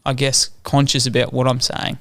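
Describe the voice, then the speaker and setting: Man, thirties, podcast co-host, casual storytelling, laughs a lot, middle pitch. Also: monotone, moderate pace, fairly bright tone. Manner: laughs often, tells stories of his toddler. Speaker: teacher and father. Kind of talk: casual chat.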